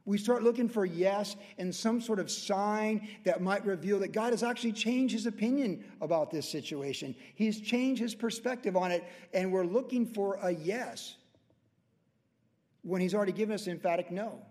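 A pastor with a high voice teaches scripture verse by verse, talking to the room like a friend and dropping into quoted voices. His words ring out with the long reverb of a large church hall. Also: moderate pace, a little mellow. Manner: conversational, acts out quoted voices.

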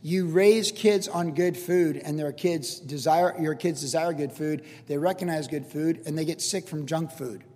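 High-voiced older pastor in a reverberant hall. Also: male voice, moderate pace, hardly any pauses, a little mellow. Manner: conversational, earnest teaching with asides. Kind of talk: sermon.

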